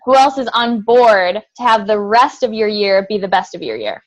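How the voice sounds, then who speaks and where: A woman's voice: medium pitch, animated, normal speed, rough recording. A woman leading a motivational team call, upbeat and coaching, asking the group rhetorical questions.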